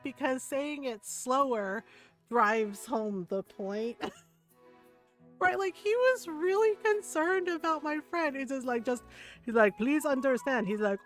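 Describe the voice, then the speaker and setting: A middle-aged woman streaming a game, chatting casually and telling a story in an animated way, acting out the people she quotes. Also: high-pitched.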